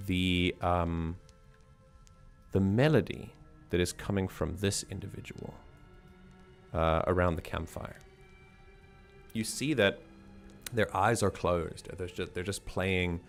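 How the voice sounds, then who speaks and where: A man's voice: sits low, slow, vocal fry, long pauses, soft background music. A man narrating and ruling as game master in a tabletop game, rambling with many restarts. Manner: rambling, frequent restarts, chuckling.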